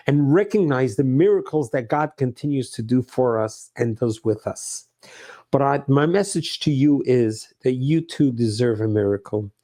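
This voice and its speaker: A man's voice: mid-range voice, dark tone. A middle-aged man preaching as a rabbi, earnest and emphatic, repeating his phrases. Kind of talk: sermon.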